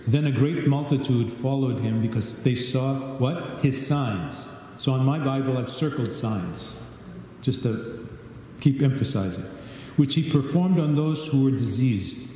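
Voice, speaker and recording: A man's voice: medium pitch, measured pace, warm tone. A man leading a Bible study, reading scripture aloud and asking questions of the group. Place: large church hall. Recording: distant echoey church livestream.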